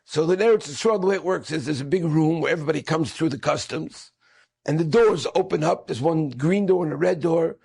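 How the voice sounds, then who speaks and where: Gravelly high-voiced storytelling man. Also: fairly quick. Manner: animated, acts out quoted speakers. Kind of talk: storytelling talk.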